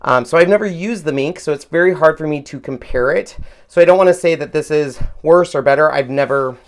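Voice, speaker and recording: A loud, chatty woman co-hosting a live crafting stream, casually talking through a craft demo and getting excited about the results. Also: sits low, brisk.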